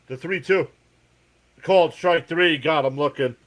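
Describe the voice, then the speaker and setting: A man with a New Jersey accent hosts a live baseball reaction stream. He calls each pitch and the count in a casual, chatty way. Between plays he reads out viewers' messages and answers them. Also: unhurried, a bit bright. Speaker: live sports reaction host. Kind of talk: live baseball play-by-play and chat.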